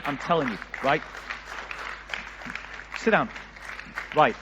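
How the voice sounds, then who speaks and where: A man's voice: a little high, lively intonation, brisk, roomy sound, lo-fi sound, a crowd in the background, noisy background. A man with a Liverpool area English accent giving a passionate church talk about youth work, often asking the audience questions. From England. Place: church hall.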